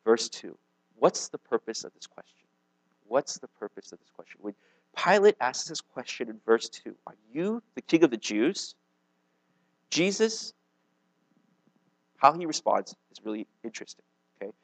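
A man's voice: mid-range voice, big pitch swings, normal speed, gravelly, pauses often, no room sound, rough recording. A man preaching a sermon in a conversational way, often checking in with his listeners and restarting his sentences. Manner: conversational, checks in with "okay?" and "right?"; frequent restarts and stumbles. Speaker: pastor.

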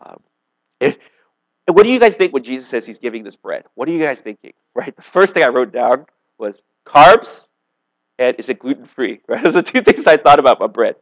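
Animated joking man preaching. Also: medium pitch, brisk, no room sound. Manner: animated, jokey storytelling with voiced asides. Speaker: pastor. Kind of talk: casual sermon.

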